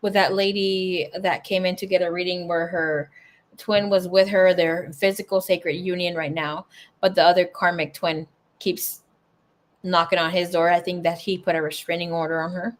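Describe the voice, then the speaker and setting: A woman's voice: on the low side, level tone, normal speed. A young adult woman giving a casual tarot reading, chatty and emotional, swearing and tearing up as she talks. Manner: emotional, swears, laughs and tears up. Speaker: tarot reader.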